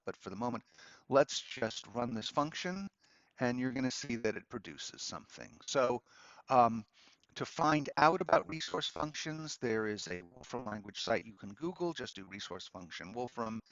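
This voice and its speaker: A man teaching a lesson while working at his computer, talking in a relaxed, chatty way full of ums and asides. His pitch rises and falls in a lively way. The recording is dry and somewhat dull, like a simple desk microphone. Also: no room sound. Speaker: law professor teaching a course. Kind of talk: screen-recorded lecture.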